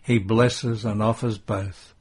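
A male narrator reads a devotional text in a measured, hushed way. His voice is low and a little husky, and he takes his time over each phrase. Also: steady tone.

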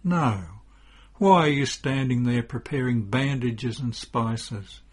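A husky-voiced man voicing a grieving mother who pleads with anguished exclamations beside her dead son. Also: medium pitch, slow. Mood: pleading.

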